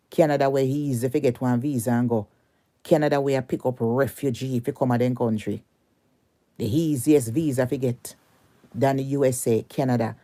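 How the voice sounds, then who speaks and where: A woman's voice: extremely low pitch, dark tone. A Jamaican woman delivering a heated, cursing rant at a rival on social media, repeating her insults over and over.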